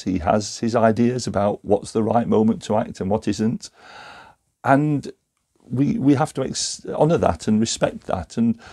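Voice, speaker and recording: Male preacher giving a recorded sermon; gravelly, husky voice, reflective and searching. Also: mid-range voice, dark tone. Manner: reflective, thinking aloud with small restarts. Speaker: Methodist preacher.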